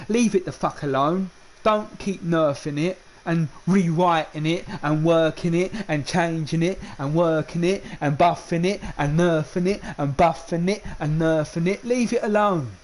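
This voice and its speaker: A man, a gaming streamer, ranting in a heated, repetitive way and stumbling over his restarts. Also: high voice. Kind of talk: unscripted ranting monologue.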